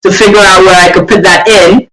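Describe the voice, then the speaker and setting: High-voiced man, distant and roomy. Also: fairly quick. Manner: animated storyteller, acts out quotes, self-mocking. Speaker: guest, children's author. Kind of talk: casual interview chat. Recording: roomy, distant mic, crowd behind.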